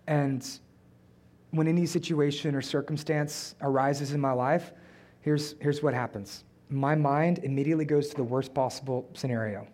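A man's voice: mid-range voice, fairly even intonation, moderate pace, darkish tone. A man preaching a conversational sermon who keeps asking the listeners rhetorical questions.

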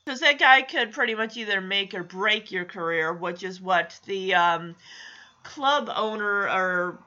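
A woman's voice: medium pitch, unhurried, sharp tone, dull audio. A woman chatting casually through a TV episode recap, playfully acting out the characters' lines. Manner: chatty, acts out quotes, laughs often.

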